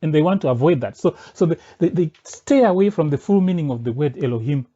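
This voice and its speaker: Mellow-voiced man arguing insistently. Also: fairly high pitch, animated, fast, slightly rough. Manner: argumentative and insistent, presses points step by step. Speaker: religious commentator. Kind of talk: spoken rebuttal addressed to a pastor. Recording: dull lo-fi recording.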